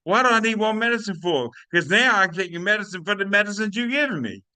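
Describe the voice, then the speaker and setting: Excited older man, bright and animated. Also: sits high, fast talker, clear, resonant tone, no echo. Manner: animated, preachy, addresses listeners as y'all. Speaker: testimonial speaker. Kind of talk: excited personal testimony on a video call.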